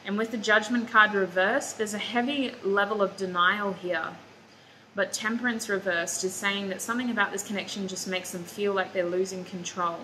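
A woman's voice: mid-range voice, sharp tone, a little hiss or hum, low-quality recording. A woman giving a casual tarot reading to her viewers, talking in a chatty, drowsy way and saying she is sleepy and foggy-headed. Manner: chatty, drowsy, talks to viewers as "you guys". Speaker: tarot reader.

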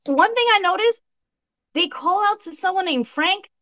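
High-voiced woman guest, slightly distant. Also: lively intonation, normal speed, bright, forceful tone, dull audio. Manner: questioning, skeptical, conversational. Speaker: guest co-host. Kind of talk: casual podcast chat.

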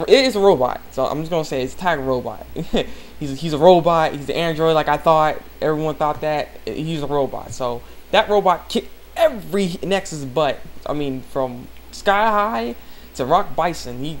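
A young man casually recapping an anime episode in a rambling, eager way, laughing often. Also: fairly high pitch. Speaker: anime reviewer.

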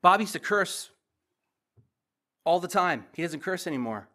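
A man's voice: high-pitched, animated, unhurried, sharp tone. A man preaching as a pastor, teaching verse by verse and asking the congregation direct questions.

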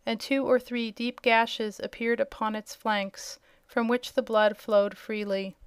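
A woman narrating a children's storybook with steady, measured reading. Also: fairly high pitch, clean tone, dry recording. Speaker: audiobook narrator.

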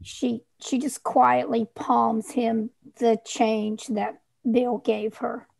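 A woman's voice: fairly high pitch, flat delivery, takes it slowly, gravelly, darkish tone. A woman player describing her character's actions in a tabletop game. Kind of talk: casual tabletop play.

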